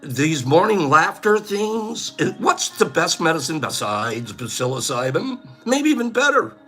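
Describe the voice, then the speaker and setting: A man's voice: on the high side, very animated, measured pace, pushed and bright, faint music behind. A middle-aged man hosting a casual chat, goofy, often laughing and breaking into silly bird calls. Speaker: host.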